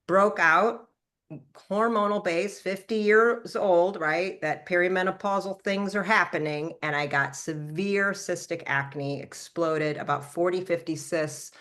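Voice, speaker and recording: A woman in her fifties with a slightly low speaking voice tells a personal story. She is animated and quick, and her voice jumps higher whenever she acts out what she or others said. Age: 50s. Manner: animated storytelling, acting out her own past lines in a higher voice. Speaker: product formulator and brand promoter. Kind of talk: testimonial talk to a live call.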